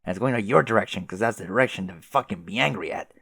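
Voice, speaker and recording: A man's voice: on the low side, lively intonation, fast, creaky, sharp tone, slightly rough, no echo, studio quality, heavily acted. A man doing a swearing, laid-back clown troll. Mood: mellow. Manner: drawling, swears constantly.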